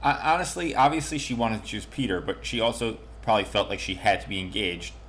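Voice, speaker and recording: Low-voiced guy hosting a podcast, dry deadpan jokes, chatty. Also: fast talker, a little hiss or hum. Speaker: podcast host. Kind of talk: casual chat.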